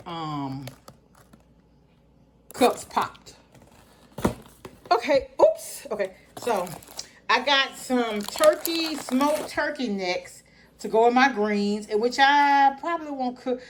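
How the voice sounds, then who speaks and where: A woman's voice: on the high side, expressive, takes it slowly, pauses often, a little hiss or hum. A middle-aged woman walks through her grocery haul. She keeps it casual and chatty and talks straight to her viewers as "y'all", in an easygoing, folksy way. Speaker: vlogger.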